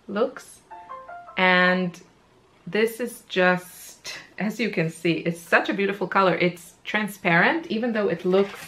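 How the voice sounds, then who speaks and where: A woman's voice: on the low side, a bit bright, a little hiss or hum. A woman chatting casually about her favorite paints, enthusiastic and full of ums, often repeating her praise. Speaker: art supply reviewer. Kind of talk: laid-back chatty product talk.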